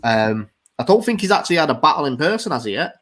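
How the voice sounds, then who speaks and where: A man's voice: fairly high pitch, very animated, quick pace, fairly bright tone. A man hosting a rap battle judging panel, casual and hesitant with lots of ums.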